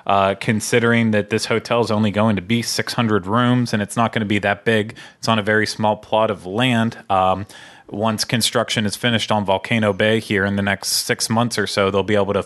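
A man's voice: on the low side, little pitch movement, brisk, fairly bright tone. A man hosting a casual podcast, running through news with plenty of fillers. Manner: rambling news rundown with fillers. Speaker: podcast host. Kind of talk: casual chat.

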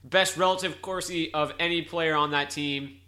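A man's voice: fairly high pitch, fairly even intonation, normal speed, sharp tone. A man co-hosting a casual sports podcast, laid-back and joking. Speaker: podcast co-host. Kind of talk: casual chat.

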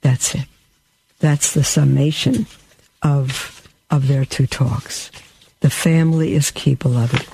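A man's voice: mid-range voice, fairly even intonation, takes it slowly, gravelly, long pauses, dark tone, breathy edge. A man earnestly reading quotes aloud and commenting on them to his listeners, with emphatic repetition and occasional fillers. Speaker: Catholic commentator addressing listeners.

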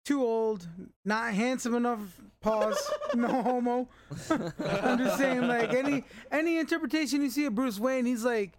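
A man's voice: very high-pitched, unhurried, slight background noise. A man co-hosting a casual podcast chat, laid-back and rambling, swearing freely. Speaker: podcast co-host reviewing a TV episode.

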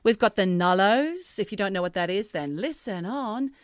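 A woman's voice: mid-range voice, expressive, normal speed, no echo. Woman from the UK, podcast co-host, chatty and laughing, dry close mic. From United Kingdom. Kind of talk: casual chat.

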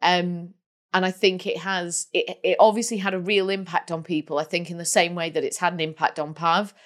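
A woman's voice: fairly low pitch, flat delivery, a little fast. A woman co-hosting a film podcast, thoughtful and hesitant, with lots of 'like' and 'um'. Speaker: podcast co-host. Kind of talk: casual chat.

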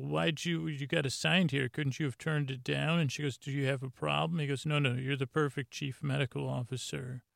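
A man talks through an episode recap in a loose, rambling way, reading from his own notes and stumbling over fillers. His voice has a gravelly fry and stays flat and even. The sound is dry, with no room echo. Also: mid-range voice. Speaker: podcast host.

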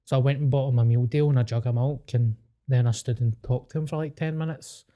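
Scottish guy, dark mellow voice, swearing, winding people up on a pod. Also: medium pitch, quick pace. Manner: joking, swears freely, deadpan wind-ups. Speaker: podcast co-host. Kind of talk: crude casual banter.

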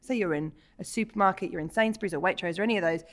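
A woman's voice: lowish voice, racing. A woman co-hosting a casual podcast, upbeat and asking questions. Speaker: co-host.

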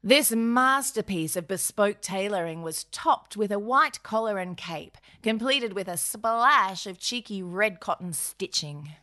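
A woman's voice: medium pitch, lively intonation, a little slow, few pauses, sharp tone. A woman co-hosting, telling a comic history story with playful, wry asides. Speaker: podcast co-host narrator.

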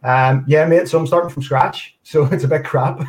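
A man's voice: a little high, fairly even intonation, moderate pace. A Northern Irish man chatting as a podcast guest, hesitant, with many fillers and restarts. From Northern Ireland. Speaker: guest, card designer. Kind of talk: casual chat.

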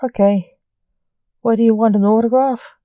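A man's voice: high voice, fairly even intonation, normal speed, warm tone, dry recording, lo-fi sound, close to an everyday voice. A woman voicing a famous male stage illusionist who grows defensive and frightened under a caller's threats.

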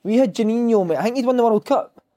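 A Scottish man in his thirties, a former footballer, telling lively dressing-room stories in casual chat. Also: extremely high pitch, fast. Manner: lively storyteller, breaks into shouted impressions and laughter. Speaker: former footballer, podcast guest.

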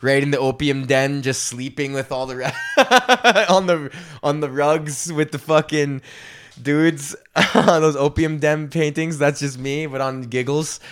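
A man's voice: on the high side, steady tone, a little slow, clear, resonant tone. A young man hosting his own podcast from a home studio, a stand-up comedian ranting casually with lots of swearing, slang and laughter. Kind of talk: casual rambling rant.

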